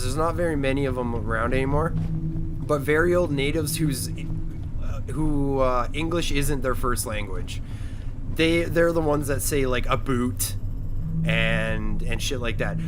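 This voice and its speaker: A young man from Canada talks casually over his game, drifting from topic to topic and swearing freely. His pitch sits right in the middle for a man. Game noise runs clearly underneath his voice. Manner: rambling, profane, chatty. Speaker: streamer. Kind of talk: casual gaming commentary.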